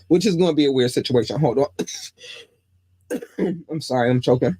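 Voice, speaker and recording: A woman's voice: deep voice, a little slow, long pauses, darkish tone, slightly rough, dry recording. Woman podcast host, casual news commentary, chatty asides, dry close sound. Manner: chatty, reads news aloud with frequent asides and questions.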